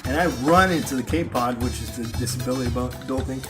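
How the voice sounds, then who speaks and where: A young man casually telling stories to friends, often laughing and acting out loud exclamations. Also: mid-range voice, fast, music in the background. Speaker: channel host telling stories. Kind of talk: casual storytelling among friends.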